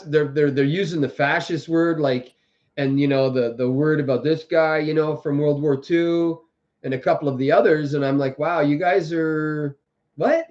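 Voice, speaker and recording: On a dull, lo-fi livestream, a male host wanders through political commentary with frequent restarts, lampooning people through exaggerated impressions of their words. His pitch runs fairly high and his tone is a little mellow.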